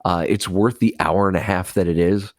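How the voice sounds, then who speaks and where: A man co-hosting a movie podcast, his voice pitched a bit low and recorded dry and close with no room sound. He rambles and restarts, piling up fillers as he works through his thoughts. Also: fairly even intonation, normal speed, dry recording. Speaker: podcast co-host. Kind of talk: casual movie chat.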